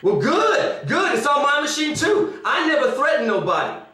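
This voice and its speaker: A man's voice: very high voice, big pitch swings, moderate pace, pushed and bright. A man in a heated, profane on-camera confrontation, defiant and repeating himself. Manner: angry, defiant, repetitive, profane. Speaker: actor. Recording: echoey, from far off the mic.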